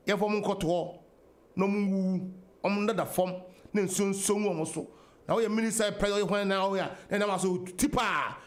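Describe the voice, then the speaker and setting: A man's voice: very high voice, a bit bright. A Ghanaian man hosting a political talk radio show, giving an emphatic monologue that mixes English and Twi.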